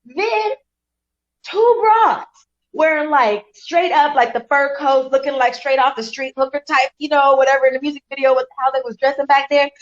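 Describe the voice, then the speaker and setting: A woman in a casual chat, telling a story in a lively way with quick asides. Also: high-pitched. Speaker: show host. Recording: slightly dull lo-fi recording.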